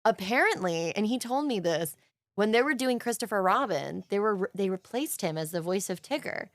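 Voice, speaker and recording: A woman's voice: mid-range voice, expressive, normal speed, no echo. A young adult woman co-hosting a podcast, telling a story in casual chat with gushing, emotional enthusiasm. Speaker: podcast co-host.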